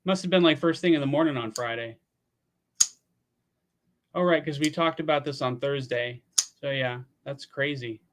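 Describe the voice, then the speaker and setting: Speaking at a moderate pace with long pauses, a Pennsylvania man around fifty hosts a livestream at home. His voice is mid-range, and his relaxed chatter includes casual swearing.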